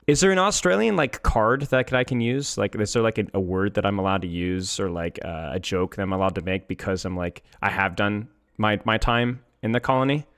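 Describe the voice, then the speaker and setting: A man's voice: fairly low pitch, fairly quick, few pauses, fairly bright tone, clear, resonant tone. A man coaching a player in a casual chat, joking and teasing as he goes. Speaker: game coach.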